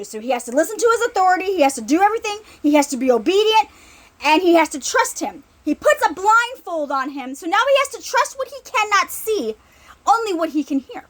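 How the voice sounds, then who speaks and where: Woman ministry speaker, informal sermon, high animated voice, chatty and repetitive. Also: a little fast. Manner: conversational, repeats herself, checks in with "right?".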